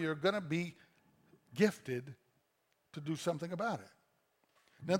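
A middle-aged male pastor delivers a sermon in a conversational, storytelling way. His voice sits a little high for a man. He drops into quick acted-out quotes before returning to his teaching. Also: a bit bright.

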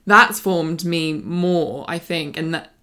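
Young woman, podcast host; candid, emphatic, slightly low voice, casual chat. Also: takes it slowly, pushed and bright. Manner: frank, emphatic, reflective. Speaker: podcast host interviewing her mother. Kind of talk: casual conversation.

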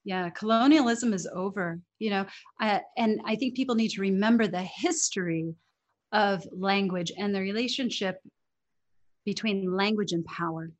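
A woman's voice: mid-range voice, normal speed. A woman who coaches English learners, speaking earnestly and emphatically in an interview, often laughing. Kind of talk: conversational interview.

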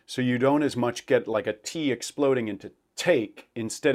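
A man's voice: mid-range voice, normal speed, few pauses, darkish tone. A man working as a dialect coach for actors, explaining pronunciation and demonstrating sounds as he talks. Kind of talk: instructional talk to camera.

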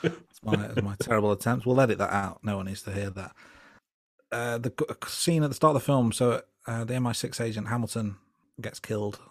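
A man co-hosting a casual film review podcast, relaxed and hesitant, with plenty of fillers and restarts. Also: on the low side, fairly quick, dry recording, clean studio sound. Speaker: podcast co-host.

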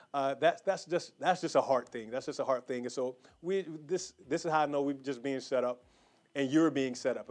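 A man preaching, praying fervently over his listeners and appealing for an offering, with many repeats and quick restarts. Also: mid-range voice. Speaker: pastor.

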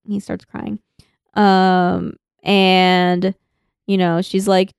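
Woman co-host, gravelly fry, casual recap, dry room. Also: fairly low pitch, steady tone, measured pace, no echo. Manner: laughs often, recounts scenes. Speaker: podcast co-host. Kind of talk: casual chat.

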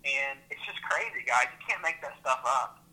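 A man, a teacher, telling a faith story with lively repeats and restarts. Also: mid-range voice, moderate pace, low-quality recording. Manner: animated, repeats words and restarts. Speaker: teacher and Christian club leader.

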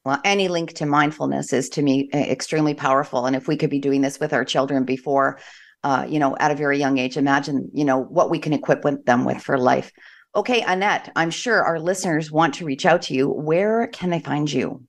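Woman, low pitch, radio host, enthusiastic, encouraging, laughs often. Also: brisk. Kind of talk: conversational interview.

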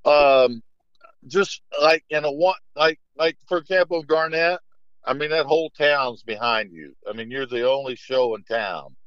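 A middle-aged man who coaches basketball chats through anecdotes in a casual interview, his mid-range voice clear and resonant, his pace a little slow. Rambling and restart-heavy with lots of "you know," he turns lively when quoting others. Expect a dry, dull, lo-fi recording.

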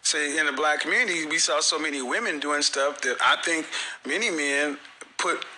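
A man's voice: a little high, normal speed, bright, forceful tone, low-quality recording. A middle-aged man hosting a casual panel talk show, speaking emphatically and tossing out joking one-liners. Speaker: podcast host.

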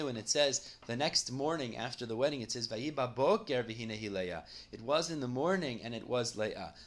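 A man's voice: mid-range voice, a bit bright. A man teaching a Talmud study lesson, who reads each line aloud and then explains it in English.

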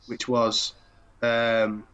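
Male podcast co-host, mid-pitched voice, hesitant and rambling. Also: monotone, extremely slow, a bit bright. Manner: hesitant, stumbles and repeats himself. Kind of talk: casual podcast chat.

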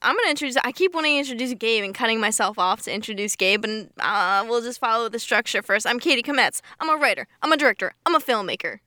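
Bright playful woman co-hosting a podcast. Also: fairly high pitch, animated, no room sound, clean studio sound. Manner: playful, jokey, quick to tease. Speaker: podcast co-host. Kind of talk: casual banter.

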